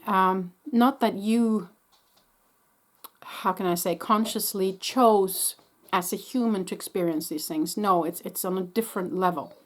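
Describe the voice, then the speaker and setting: A woman psychic medium giving a gentle, reassuring spiritual talk, pausing and restarting often while sucking a lozenge. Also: mid-range voice. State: sucking a lozenge after coughing.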